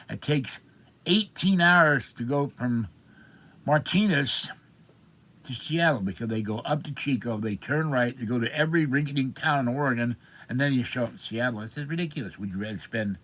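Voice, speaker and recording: A man's voice: mid-range voice, expressive, normal speed, fairly bright tone. A man in his seventies from Pittsburgh, telling an indignant, rambling story of complaint in a personal vlog. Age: 70s. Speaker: vlogger.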